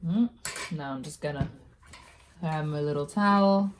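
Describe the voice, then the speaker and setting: A woman talking through a casual nail-care tutorial, chatty and quick to laugh at herself. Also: sits low, noisy background. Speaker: beauty vlogger.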